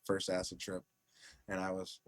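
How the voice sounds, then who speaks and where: A man hosting a casual podcast recounts a story in a slightly low, monotone voice at normal speed. He swears freely and acts out each quoted line in sudden loud bursts.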